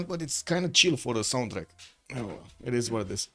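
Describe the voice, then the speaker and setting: A man's voice: mid-range voice, big pitch swings, a little fast, pushed and bright. Man casting a strategy game. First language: Romanian. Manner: chatty, thinks aloud with many fillers. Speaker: esports caster. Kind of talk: live game commentary. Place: home room with the window shut.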